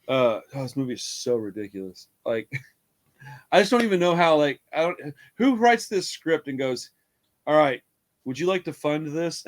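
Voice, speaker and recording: A man casually retelling a horror film, rambling, laughing often and swearing freely. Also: medium pitch. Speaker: podcast co-host reviewing a horror film. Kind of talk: casual profane chat.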